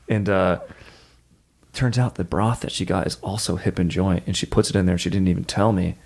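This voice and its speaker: A man's voice: low-pitched, fairly even intonation, fairly quick, darkish tone. A young man and podcast co-host chatting casually, laid back, saying dude all the time. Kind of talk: casual chat.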